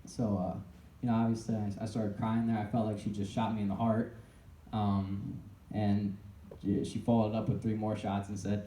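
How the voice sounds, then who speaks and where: Earnest young man, dark and distant. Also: on the low side, little pitch movement. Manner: earnest and halting, often restarting sentences. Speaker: speaker telling his own story. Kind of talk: personal testimony to a live audience. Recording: echoey room, voice picked up from a distance.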